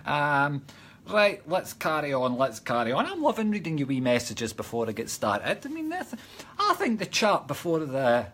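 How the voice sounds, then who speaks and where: With a Christmas tree behind him in a room at home, a Scottish man does a casual psychic-medium live stream, teasing viewers and reading their comments. His voice is a little high with a fairly bright tone, captured close by the webcam.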